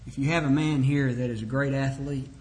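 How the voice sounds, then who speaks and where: A man preaches to a congregation, earnestly exhorting families, quoting scripture and acting out short dialogues. His mid-range voice is steady and a little mellow, and he talks a bit fast.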